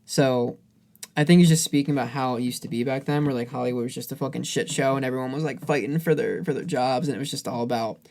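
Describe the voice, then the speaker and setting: A man's voice: medium pitch, fast, gravelly, darkish tone. A man co-hosting a music podcast, talking loosely in casual chat with many fillers and restarts. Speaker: podcast co-host.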